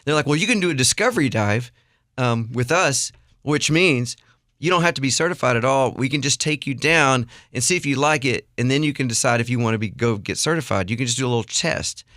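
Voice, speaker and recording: A middle-aged man, a guest songwriter and worship leader, telling an animated, self-deprecating story with frequent restarts. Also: medium pitch, a little fast, no echo, studio quality.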